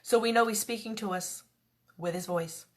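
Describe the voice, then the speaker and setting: A woman giving a devotional talk in a mid-pitched voice, chatty and earnest. She slips into short quoted prayers and asides while she teaches. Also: moderate pace. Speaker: devotional speaker.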